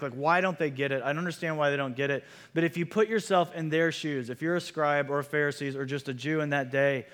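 A man preaching a sermon in a conversational, animated way, with many fillers. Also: fairly high pitch. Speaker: pastor. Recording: long hall reverb.

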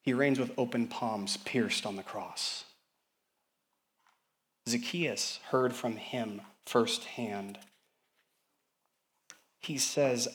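Young guy pastor preaching, gets loud and high then drops real soft, really fired up, man. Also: fairly even intonation, measured pace, pauses often. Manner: impassioned, swinging from loud calls to hushed tender passages. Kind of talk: sermon.

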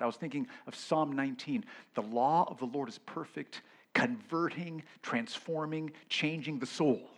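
A middle-aged male pastor preaching a sermon, moving between loud exclamations and hushed whispers. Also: mid-range voice, normal speed.

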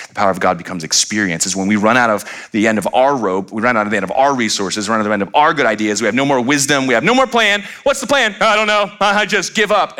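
A middle-aged pastor preaches with emphatic conviction, pressing his listeners with rhetorical questions. His voice sits on the low side but rings bright and forceful. He now and then slips into acted voices to make a point. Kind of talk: sermon.

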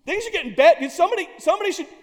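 Brief: a preacher playing a loud, evasive young temple helper in a big hall, voice pitched up high. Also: male voice, racing. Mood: flustered. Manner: loud, excited, casual.

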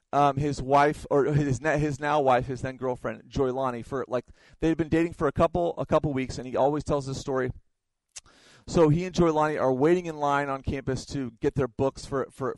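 A pastor preaches a sermon, telling stories and stumbling as he repeats his words along the way. His voice is medium in pitch with a darkish tone, and the recording is dry and rough.

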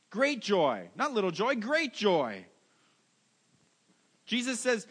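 A man's voice: high-pitched, very animated, slow, a bit bright. A middle-aged male pastor preaching a sermon, emphatic, repeating key words, with self-mocking asides.

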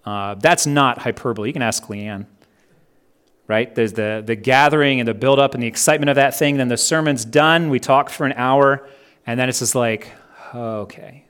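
A pastor preaching a sermon in an earnest way, slowing down and stressing each item when he reads out a list. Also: mid-range voice, fairly bright tone. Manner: earnest, slows down and stresses items in lists.

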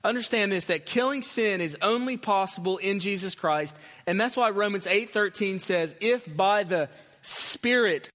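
A man's voice: sits high, moderate pace, a bit bright. A man preaching a sermon as pastor, earnest and emphatic, repeating his key phrases. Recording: long hall reverb.

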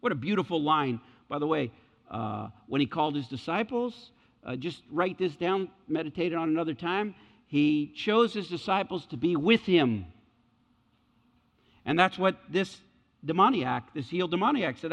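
A man's voice: a little high, animated, normal speed, fairly bright tone. A male pastor preaching a sermon in an earnest, emphatic way, often checking in with his listeners. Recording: dull lo-fi sound with long hall reverb.

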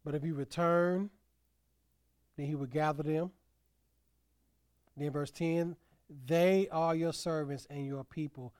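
A male pastor preaching a sermon, building to emphatic peaks and letting phrase endings fall soft and low. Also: no echo, clean studio sound.

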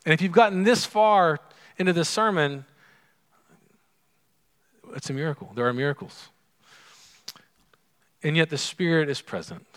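A man's voice: fairly high pitch, measured pace, long pauses, fairly bright tone, smooth. A man preaching a recorded sermon alone in an empty room, earnest and conversational, with asides to his listeners. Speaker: pastor. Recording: long reverb of an empty room.

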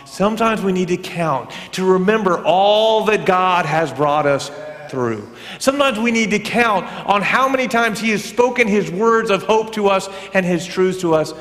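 A pastor with a fairly high voice delivers his sermon in a church sanctuary, where long reverb trails after every phrase. He talks conversationally, swinging from loud emphatic bursts down to quiet, almost whispered asides. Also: animated, normal speed.

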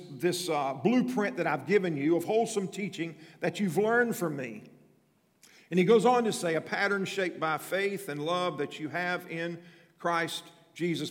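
A man preaching a sermon as pastor, emphatic and repeating his points, calling on members of the congregation by name. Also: fairly high pitch. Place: church sanctuary. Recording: church hall with long reverb.

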